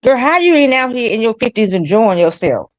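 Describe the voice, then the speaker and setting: Woman co-host, blunt and emphatic, fairly high voice that swings a lot, dry sound. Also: very animated, brisk, no room sound, low-quality recording. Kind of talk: casual late-night chat.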